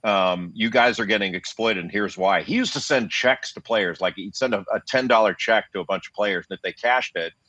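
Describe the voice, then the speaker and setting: A man in his fifties with a lowish voice lays out his views in a steady, reasoned way, often restarting his sentences as he thinks. The sound is dull and lo-fi, with a dry, close feel and no room around it. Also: no echo. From United States. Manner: measured, reasoned, frequent restarts. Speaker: guest, basketball analyst. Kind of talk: interview conversation.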